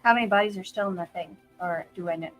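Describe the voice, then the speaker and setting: A woman's voice: medium pitch, fast talker, a bit bright, soft background music, poor audio. A woman player in a tabletop game who asks practical rule questions, often with hesitant fillers. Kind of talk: casual tabletop play.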